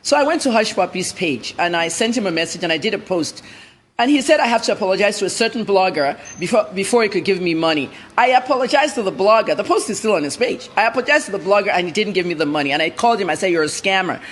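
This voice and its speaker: Blunt, husky-voiced woman journalist. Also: lowish voice, expressive, fast. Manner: blunt, emphatic. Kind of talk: interview answers.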